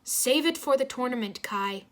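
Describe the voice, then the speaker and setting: A woman voicing a stern, wry older male mentor who speaks in measured pronouncements. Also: high-pitched, close to an everyday voice.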